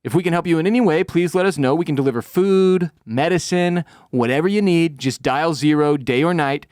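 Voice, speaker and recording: A man doing a calm, soothing official. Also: a little high, brisk, no echo, clean studio sound, pitched above the performer's own voice, lightly acted. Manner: soothing, reassuring, courteous. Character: calm, overly polite middle-aged male official. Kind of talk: acted quote in a podcast recap.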